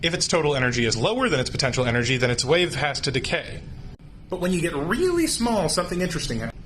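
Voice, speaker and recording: Fast-talking young man explaining science. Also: fairly high pitch, very animated, a bit bright, slight background noise. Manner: quick, punchy delivery with rhetorical questions.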